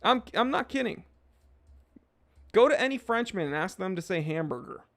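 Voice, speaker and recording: A man's voice: high voice, big pitch swings, moderate pace, gravelly, a bit bright. A man hosting a podcast, reading chat and rambling casually in laid-back slang.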